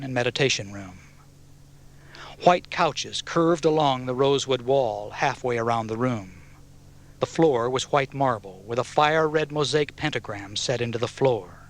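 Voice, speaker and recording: A man narrating a dramatic audiobook story. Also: mid-range voice.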